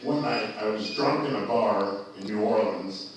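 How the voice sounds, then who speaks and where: A man's voice: fairly low pitch, moderate pace, crowd noise. Profane man spinning a bar story. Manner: loose, profane, laughing through his story. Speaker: storyteller guest. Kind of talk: casual storytelling chat. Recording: very echoey, distant mic.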